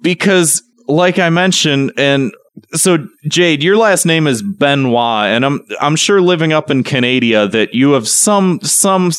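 A man co-hosting a casual podcast, telling a story with mock outrage that climbs toward near shouting. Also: on the high side, animated, unhurried, clear, resonant tone, dry recording. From Chicago. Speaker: podcast co-host.

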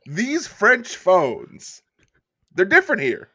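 A bumbling film director on the phone, as a man plays him in an improvised comedy bit. He hesitates and stammers but keeps pushing on. The voice is in the middle range with lively pitch. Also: slow pace, heavily acted. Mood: flustered.

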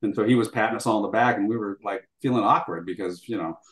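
An older man with a fairly low voice tells a story to an interviewer. He acts out bits of dialogue and leans on fillers as he goes. His voice rings in a noticeably roomy space. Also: fast talker. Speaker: interview guest. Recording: roomy echo.

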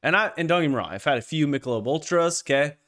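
Animated, profane man telling a golf story. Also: fairly high pitch, fast talker. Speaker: podcast co-host. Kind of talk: casual chat.

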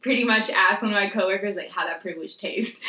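A woman's voice: medium pitch, quick pace, bright, forceful tone, echoey room, low-quality recording. A young woman in casual chat who speaks bluntly and swears freely.

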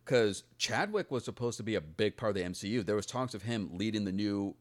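A man co-hosting a podcast in a casual, animated, joking way and swearing freely. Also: lowish voice, brisk. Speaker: podcast co-host. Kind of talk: casual chat.

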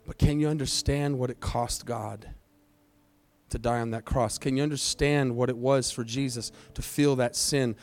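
A male pastor leading a fervent prayer and altar call in a church service, swinging between loud pleading and hushed, quiet stretches. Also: medium pitch, steady tone, normal speed. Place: church sanctuary, also streamed online.

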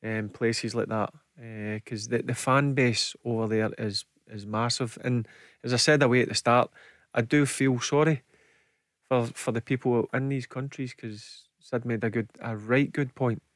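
Earnest Scottish football pundit. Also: male voice, medium pitch, steady tone, unhurried, no room sound, studio quality. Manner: earnest, plain-spoken, repeats words. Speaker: football pundit, former player. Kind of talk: casual sports radio punditry. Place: radio studio. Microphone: studio microphone.

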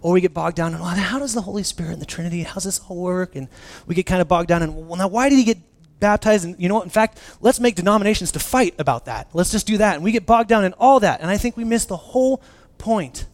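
A man in his thirties preaching a sermon, telling stories with lively restarts. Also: sits high, fast, hardly any pauses. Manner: animated storytelling with many restarts. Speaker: pastor.

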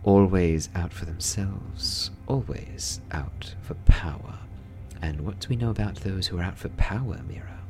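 A man voicing a shrewd older woman teacher in a tabletop game, talking in a hushed, dry, confiding way. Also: low voice, unhurried, whispered, over music. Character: shrewd female elder teacher, dry and wry.

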